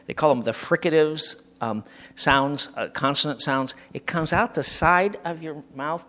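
A man from Michigan spinning funny stories about his school days. His voice sits a bit high for a man and swings lively up and down as he acts things out, with frequent restarts. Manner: animated, comic, acts out quotes, frequent restarts. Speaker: storyteller recalling school teachers. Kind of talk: casual anecdotal storytelling.

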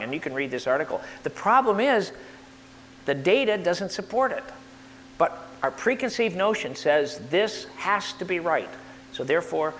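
A man lectures to a live audience with a high, lively voice that rises and falls all over the place, getting worked up and throwing questions at the crowd. His voice carries a long hall reverb, with a faint hum underneath. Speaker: speaker at a live talk.

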